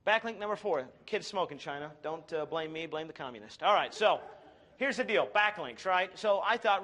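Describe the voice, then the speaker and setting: A man giving a live marketing talk, energetic, sarcastic and self-mocking. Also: on the high side, moderate pace. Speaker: seminar presenter.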